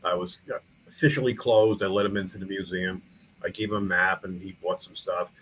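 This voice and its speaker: A man's voice: deep voice, a little fast, slight background noise, low-quality recording. A middle-aged man, a small-town mayor and museum founder, telling stories in a casual interview with lots of restarts and fillers. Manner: rambling, animated, frequent restarts and fillers.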